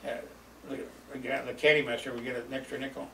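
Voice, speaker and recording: Sitting some way from the mic in a roomy space, an older storyteller rambles through old memories in an oral-history style, chuckling between lines and filling pauses with lots of fillers. His mid-range voice is gravelly yet fairly bright, with a level tone. A faint hum of ambience runs underneath.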